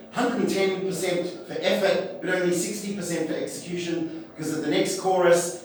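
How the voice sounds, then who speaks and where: A man's voice: sits high, brisk. A man doing live stand-up comedy in character, chatty and self-deprecating, with asides to the crowd. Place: comedy festival stage before a live audience. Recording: echoey venue, mic at a distance.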